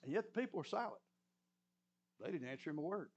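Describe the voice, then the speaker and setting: Brief: high-pitched male preacher, animated storytelling sermon, muffled lo-fi recording. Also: quick pace, pauses often. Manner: storytelling, animated, clears throat often.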